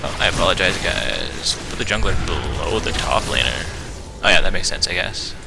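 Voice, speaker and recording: Male caster, deep voice, chatty live play-by-play with frequent self-corrections. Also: animated, normal speed, vocal fry. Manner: casual, chatty, corrects himself often. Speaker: esports commentator. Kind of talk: live game commentary for a stream. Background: game music.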